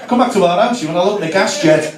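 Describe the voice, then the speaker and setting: A man's voice: high-pitched, racing. A man doing a cheeky, chatty stand-up set at a comedy club, with asides to the crowd. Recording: echoey room, mic from far off.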